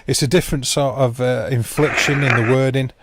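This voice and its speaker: A man hosts a livestream, chatting casually and rambling to viewers by name with dry, self-mocking humour. His medium-pitched voice has fairly even intonation and moves a little fast. Loud background noise fills the recording.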